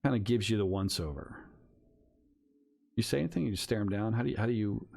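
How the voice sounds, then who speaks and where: A man narrating a tabletop horror game as game master, lively with quick asides. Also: lowish voice, vocal fry.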